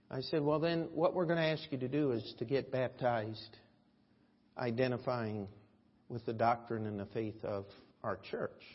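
A man pastor preaching a sermon, swinging between loud emphatic lines and quiet asides, telling folksy stories. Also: medium pitch, husky. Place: church sanctuary. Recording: echoey church hall, dull lo-fi audio.

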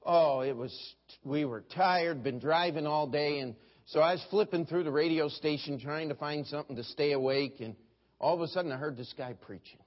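A man's voice: a little high, moderate pace. A middle-aged man preaching a sermon as pastor, telling folksy stories and mimicking other preachers. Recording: dull lo-fi sermon recording.

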